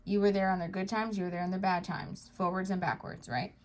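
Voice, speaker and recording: A woman giving a tarot card reading to her viewers, talking to them directly in a soft, reassuring way. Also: mid-range voice, little pitch movement, fairly quick. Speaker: psychic tarot reader.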